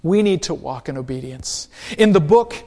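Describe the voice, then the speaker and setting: High-voiced, emphatic preaching man. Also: lively intonation, normal speed, dark tone. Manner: emphatic, calls for amen. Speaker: pastor. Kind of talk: sermon.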